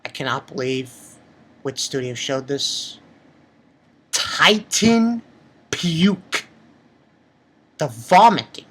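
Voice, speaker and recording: Husky low-voiced woman, wildly animated. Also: drawn-out words, pauses often. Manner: animated, exclaims and swears. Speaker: anime reviewer. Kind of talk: excited episode review.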